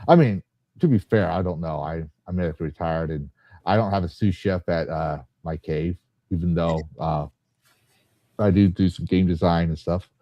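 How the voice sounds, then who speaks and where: A man's voice: deep voice, moderate pace, no echo. Rambling jokey man, dull dry recording. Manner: rambling, jokey, stops and restarts often. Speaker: podcast host. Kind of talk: casual chat. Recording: slightly dull, dry sound.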